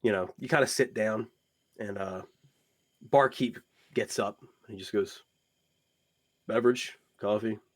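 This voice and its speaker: A man running a tabletop game as game master, narrating in a loose, relaxed way full of casual filler words. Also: lowish voice, unhurried, pauses often.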